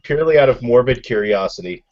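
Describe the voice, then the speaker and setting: A man's voice: medium pitch, lively intonation, quick pace, a little mellow. A man making dry, wry remarks in a casual online group chat. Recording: dull lo-fi video call audio.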